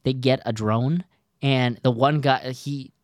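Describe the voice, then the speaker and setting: An American man co-hosting a podcast, retelling scenes in an animated way with casual swearing. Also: mid-range voice, slow, dry recording, studio quality. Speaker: podcast co-host.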